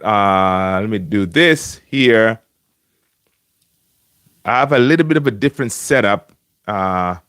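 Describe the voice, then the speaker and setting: A man's voice: on the low side, a bit bright, no room sound, studio quality. A man hosting a casual fan live stream from home, chatting with viewers by name and using lots of fillers and restarts. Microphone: home streaming setup with webcam.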